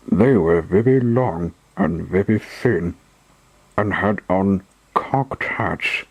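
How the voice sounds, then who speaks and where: Slow, low-voiced male storyteller. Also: husky, no room sound, low-quality recording. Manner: slow, measured narration. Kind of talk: storybook reading.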